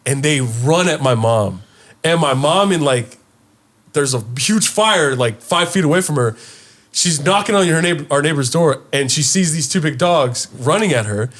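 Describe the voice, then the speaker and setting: Lively young man telling a story. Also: moderate pace. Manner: animated storyteller who acts out voices with big pitch jumps, swears freely. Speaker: podcast co-host. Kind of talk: casual podcast chat.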